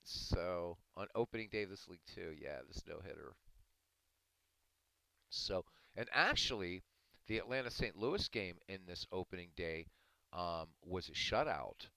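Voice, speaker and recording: Male streamer, relaxed chat, resonant clean tone, laughs through his stories. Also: deep voice, measured pace, gravelly, clean tone, no echo, rough recording. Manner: laughing storyteller, self-mocking. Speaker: baseball sim streamer. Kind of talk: casual livestream chat.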